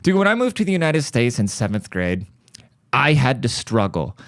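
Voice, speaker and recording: This podcast host, a native German speaker from Germany in his thirties, rants profanely and sarcastically through a comedic monologue, imitating people in mocking voices. His medium-pitched voice is very animated at normal speed, with studio-quality sound and no room noise.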